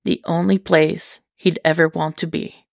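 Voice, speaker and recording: A woman reads fiction aloud in a slightly low, heavily gravelly voice. Her narration is measured and unhurried. The recording is dry and close, with no room sound. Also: flat delivery, dry recording. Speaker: reader.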